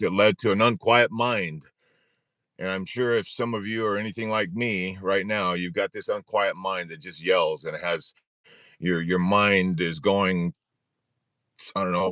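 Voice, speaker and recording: A man in his forties with a low voice hosts a live-streamed support talk. He is earnest and repeats himself for emphasis, with frequent little chuckles. The sound is dry and close. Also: unhurried, sharp tone, no echo. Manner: earnest, repetitive, chuckles often. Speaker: support group host.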